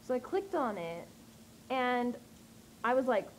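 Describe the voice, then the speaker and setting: A young woman telling an excited vlog story, gushing and breathless, with lots of fillers. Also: fairly high pitch, slow, a little hiss or hum, poor audio. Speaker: vlogger.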